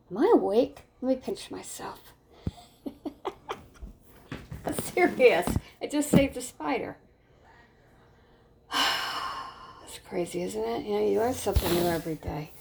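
Excitable rambling woman vlogger. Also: a little high, gravelly, slight background noise. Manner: rambling, excitable, with frequent restarts and "literally". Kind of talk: casual talk to camera.

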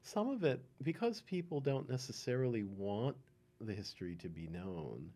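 An older man telling stories from his past in an oral history interview, unhurried with many ums and chuckles. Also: mid-range voice, expressive, dark tone. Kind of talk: reminiscing storytelling.

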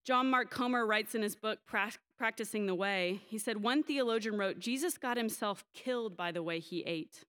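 A young adult woman preaching from the pulpit, frank and personal as she works through a passage. She tells stories from her own life and brightens when she voices other people. Her pitch sits in the middle for a woman. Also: moderate pace, few pauses, clean tone. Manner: candid, storytelling, animated when quoting others. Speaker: pastor. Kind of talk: sermon.

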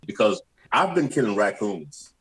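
A man, a comedian guesting on a podcast, deadpan and mock-intense. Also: fairly low pitch, normal speed. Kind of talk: casual podcast chat.

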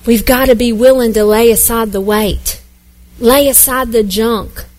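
A woman's voice: fairly high pitch, fairly even intonation, unhurried, darkish tone. A woman pastor preaching a sermon, earnest and repetitive, building emphasis phrase by phrase.

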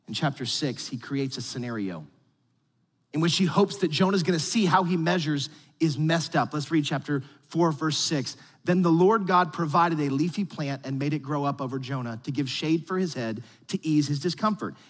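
Pastor guy preaching loose and slangy, kinda husky voice, big hall reverb. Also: a little high, normal speed. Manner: casual, animated preaching with slang asides. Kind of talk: sermon.

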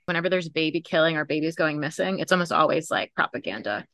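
A woman from Rhode Island co-hosting a casual podcast, her voice lower than most but bright and forceful. She chats animatedly and fills her sentences with little hesitations. The sound is close and dry. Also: quick pace, dry recording. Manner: animated, talks with lots of fillers. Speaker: podcast co-host.

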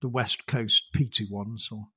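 A man's voice: fairly low pitch, steady tone, unhurried, bright, forceful tone, slightly rough, dry recording, studio quality. A man speaking as a podcast guest in casual chat, self-deprecating, laughing often and repeating words as he goes. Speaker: guest, former gamekeeping organisation chairman.

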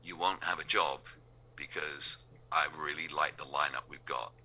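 Deep, bright-toned Englishman telling stories. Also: steady tone, a little slow. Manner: acts out remembered dialogue in quoted voices. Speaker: radio DJ. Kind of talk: anecdotal storytelling.

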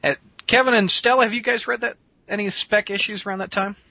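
A man hosting a casual podcast, chatting in lively bursts with frequent filler uhs. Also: high-pitched, fast talker, gravelly, no room sound, highs cut off. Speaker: podcast host.

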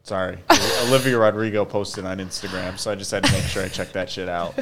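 A man's voice: low voice, little pitch movement, fast, background noise. A young man co-hosting a casual sports podcast, talking in a laid-back, hesitant way with lots of ums and laughter. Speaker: podcast co-host. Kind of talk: casual chat.

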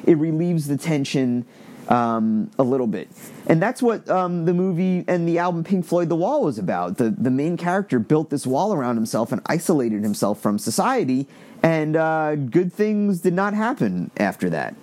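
A middle-aged man from Long Island with a slight Long Island accent, talking in a rambling, animated monologue and swearing freely as a podcast host. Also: on the high side, moderate pace. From Long Island, New York. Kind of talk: casual opinion monologue.

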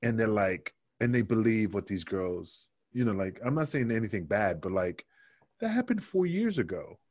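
A man's voice: on the low side, sing-song, normal speed, darkish tone, no echo, studio quality. A man telling crude, profane stories from his wrestling days in a casual video-call chat. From North America.

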